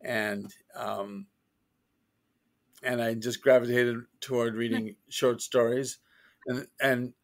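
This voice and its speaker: A man being interviewed as an author, telling childhood stories in a chatty, animated way. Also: medium pitch, slow pace, long pauses. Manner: animated storyteller, quotes others with laughs. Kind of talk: casual interview.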